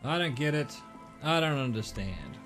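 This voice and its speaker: A man's voice: medium pitch, big pitch swings, normal speed, a bit bright, soft background music. A middle-aged man from Australia, a streamer thinking aloud and swearing casually as he plays a game. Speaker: gaming streamer. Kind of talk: casual gameplay commentary.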